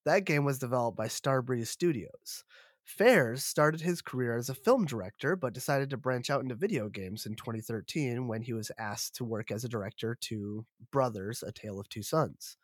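A man co-hosting a podcast while sick, giving steady informational rundowns with a playful edge. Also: medium pitch, normal speed, no room sound, clean studio sound. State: sick, rough voice. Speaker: podcast co-host. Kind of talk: casual chat, reading notes.

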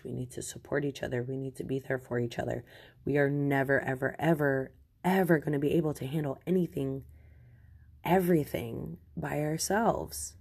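A woman's voice: low voice, creaky, breathy edge. A young woman hosting a podcast from home, giving frank and rambling advice with frequent laughs. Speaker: podcast host.

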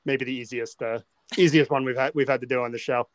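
A man's voice: mid-range voice, steady tone, fast, no room sound. A rambling man hosting a movie podcast. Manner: rambling, repeats words while thinking. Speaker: podcast host. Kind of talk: casual movie podcast chat.

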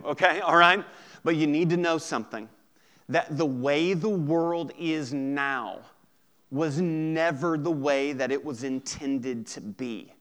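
A man preaching a sermon, swinging between loud bursts and quiet, intense passages, with casual asides to the congregation. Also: a little high. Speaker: pastor.

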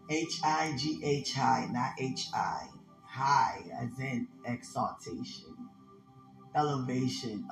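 A person praying aloud in ecstatic prayer, emotional and laughing, swinging from loud cries to hushed whispers. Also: medium pitch. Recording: roomy echo with soft music.

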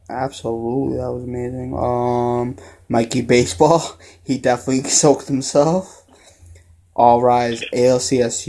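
A man hosting a casual sports podcast, reading out listener messages and reacting excitedly. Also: mid-range voice. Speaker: podcast host.

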